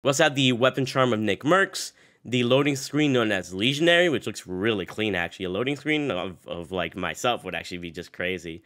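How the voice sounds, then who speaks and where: A man's voice: fairly low pitch, animated, a little fast, fairly bright tone. Young man with a sick voice, upbeat. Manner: upbeat, rambling with fillers. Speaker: gaming YouTuber. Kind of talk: casual gaming commentary.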